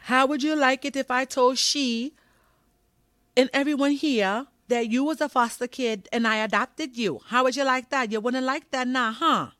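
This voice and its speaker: Brief: woman playing a loud, stern Caribbean mother, lecturing and scolding, pitched high. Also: normal speed, dry recording, studio quality.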